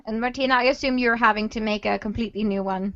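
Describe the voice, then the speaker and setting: A woman's voice: on the high side, steady tone, fast talker, a bit bright, no room sound. A woman hosting a casual interview over a video call, asking friendly, encouraging questions. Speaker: podcast host. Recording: dull lo-fi call audio with hiss.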